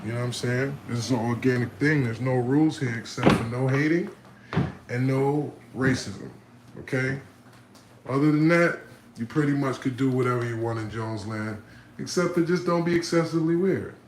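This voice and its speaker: A man's voice: medium pitch, normal speed, noisy background. A man hosting a casual livestream, joking around and hyping up his viewers. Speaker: livestream host. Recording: roomy room with faint ambience.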